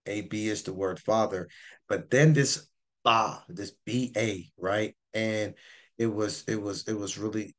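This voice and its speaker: Low-voiced man teaching scripture. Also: measured pace. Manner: rambling, repeats words, animated asides. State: losing his voice. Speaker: Bible teacher. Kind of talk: informal Bible teaching.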